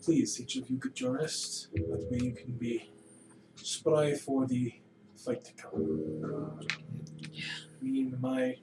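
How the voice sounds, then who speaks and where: A man voicing a courteous tavern keeper who speaks softly and politely. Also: mid-range voice, slow pace, noisy background. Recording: roomy distant mic with music.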